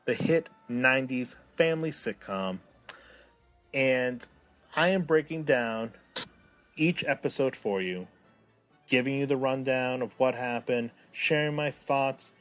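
A man in his thirties talks alone into the mic as host of his own podcast, with a mid-range voice. He plays up his feelings for comic effect, dropping low and sulky, then climbing high and loud in mock outrage. Faint music plays beneath him. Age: 30s. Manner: mock-dramatic, swinging from self-pitying to indignant. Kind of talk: solo podcast monologue.

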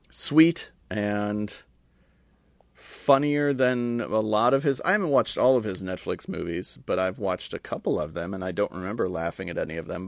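A man co-hosting a podcast, giving measured, reflective opinions in casual chat. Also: deep voice, vocal fry, dry recording. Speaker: podcast co-host.

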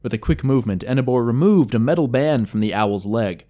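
A man reading a dark fantasy story aloud, vivid and wry, with crude asides. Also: mid-range voice, expressive, brisk, few pauses. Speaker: storyteller narrating a game recap. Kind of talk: dramatic fantasy story narration.

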